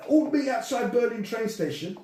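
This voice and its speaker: An older man hosting a casual podcast chat, animated and swearing as he rants. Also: extremely high pitch, moderate pace. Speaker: podcast host. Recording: echoey room, distant from mic.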